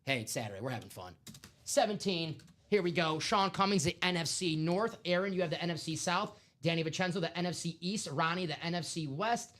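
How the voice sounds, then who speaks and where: A man hosting a live sports card break stream, chatting casually and excitably with lots of fillers. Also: a little high, a little fast.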